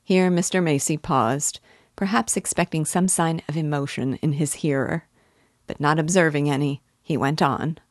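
A woman reads a classic novel aloud for her literature students. Her voice is low and the sound is dry and close, and she keeps a measured, even pace through long sentences. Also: dry recording. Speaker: literature teacher.

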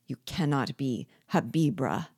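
A woman reading aloud and voicing a horrified young nobleman of twenty who cries out in loud, outraged exclamations. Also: rumbling low, animated, unhurried, breathy edge, dry recording, studio quality, full character voice.

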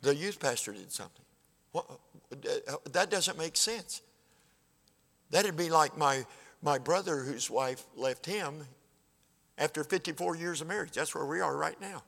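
Older preacher in a reverberant church. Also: male voice, on the high side, expressive, unhurried, gravelly, fairly bright tone. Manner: folksy, plainspoken, acts out conversations. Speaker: pastor. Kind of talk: sermon with storytelling. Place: church sanctuary.

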